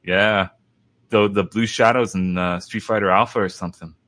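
A man's voice: fairly low pitch, steady tone, moderate pace, a bit bright, no echo. A man chatting casually on a gaming panel, rambling and sarcastic with a mock-grumpy edge. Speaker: podcast panelist. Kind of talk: casual chat.

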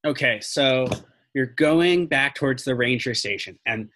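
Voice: mid-range voice, unhurried, a bit bright. A game master narrating a tabletop horror session in a casual, profane way, often restarting sentences.

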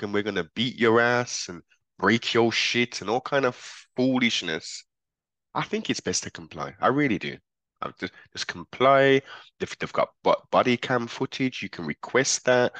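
A man's voice: deep voice, fairly bright tone, no echo. A man giving casual reaction commentary, talking in an emphatic, slangy way and often repeating himself. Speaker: commentator reacting to police footage.

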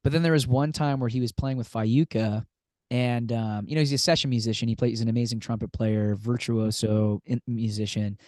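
A man's voice: medium pitch, a little fast, no echo. A man, a singer-songwriter guest, telling stories casually with constant "like" fillers. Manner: animated, says "like" constantly. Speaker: guest musician. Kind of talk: casual storytelling.

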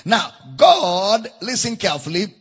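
A preacher with a Nigerian English accent teaching from the Bible, reading verses in a singsong way and repeating key phrases for emphasis. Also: male voice, high-pitched, sing-song, measured pace, a bit bright, husky, soft background music.

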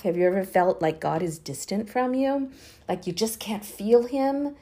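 A woman walks through Bible chapters in a relaxed, conversational podcast voice. She talks informally, with plenty of fillers and restarts. When she urges listeners to pray, her emphasis rises into earnest fervor. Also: on the low side, moderate pace. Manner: chatty, informal retelling with frequent fillers; earnest, rising emphasis when urging prayer. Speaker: podcast host reading the Bible. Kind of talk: casual Bible reading and commentary.

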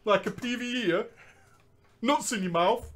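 A man's voice: very high-pitched, moderate pace, a bit bright. Giggly man telling a story. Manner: giggly, banters between lines. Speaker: podcast host reading a story. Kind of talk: comedic storytelling chat.

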